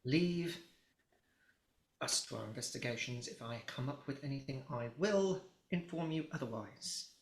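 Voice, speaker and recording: A man's voice: mid-range voice, lively intonation, normal speed, lightly acted. A man voicing a stiff, pompous male gnome project manager who talks curtly and dismissively. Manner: haughty, curt, dismissive. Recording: roomy echo.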